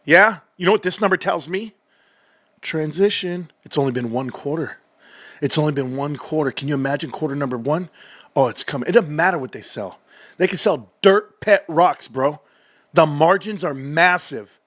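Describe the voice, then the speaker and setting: A man hosting a livestream, reading through financial reports with excitable commentary that swings from muttering to yelling, his voice going hoarse. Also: fairly high pitch, normal speed, no echo. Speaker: livestream host.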